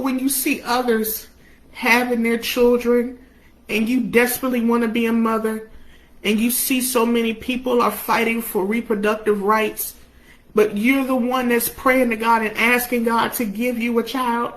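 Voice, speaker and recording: A woman's voice: fairly high pitch, steady tone, measured pace, fairly bright tone, rough recording. A young adult woman preaching a sermon, impassioned, her delivery rising and falling with emotion.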